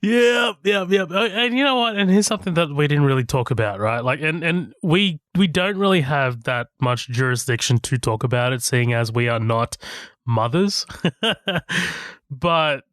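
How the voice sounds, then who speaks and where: A man's voice: medium pitch, lively intonation, moderate pace, fairly bright tone, no room sound. Dry-sounding man recapping a movie casually. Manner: loose and laughing, swears often, recaps scenes. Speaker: podcast co-host.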